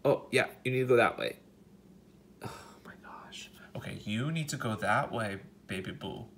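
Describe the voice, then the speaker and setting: A young man talking casually and dramatically to a trapped wasp, swinging between hushed whispers and loud exasperated outbursts. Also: mid-range voice, normal speed. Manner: dramatic, exasperated, slangy, drops to whispers and bursts into loud outcries. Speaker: vlogger.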